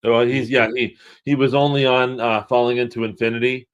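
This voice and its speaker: A man's voice: medium pitch, flat delivery, brisk, clean tone, muffled recording. A man who is a guest on a music podcast, chatting casually and eagerly sharing what he knows. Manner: chatty, eager to share knowledge. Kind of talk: casual chat.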